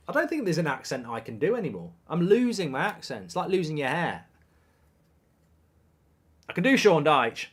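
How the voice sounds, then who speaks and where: A man's voice: fairly high pitch, sing-song, normal speed, pauses often, breathy edge. A man hosting a live football watchalong, chatting, reading out viewer messages, and reacting to the game. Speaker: host.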